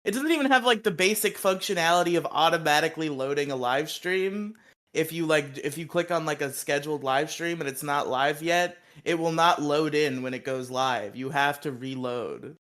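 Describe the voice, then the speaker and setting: A man's voice: a little high, fairly bright tone. A man co-hosting a podcast, chatting casually and teasing with some swearing. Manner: teasing, quick to laugh, profane. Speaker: podcast co-host and editor. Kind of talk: casual chat.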